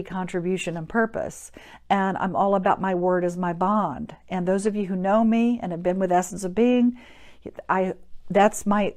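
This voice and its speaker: A woman's voice: mid-range voice, a little mellow. Woman doing a live stream talk, chatty and encouraging, says hi to viewers. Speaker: host.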